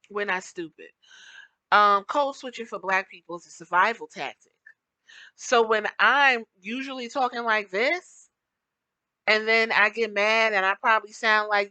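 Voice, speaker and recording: A woman hosting a podcast, giving blunt, animated commentary and slipping into mock voices to make her points. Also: medium pitch, moderate pace, dry recording, low-quality recording. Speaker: podcast host.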